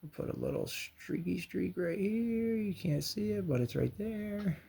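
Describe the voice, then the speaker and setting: A man's voice: high-pitched, lively intonation, a little slow, creaky, dark tone, slightly rough. A man hosting a casual painting and crafts tutorial, chatty and encouraging, with joking slangy asides. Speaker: host of a toy and craft channel.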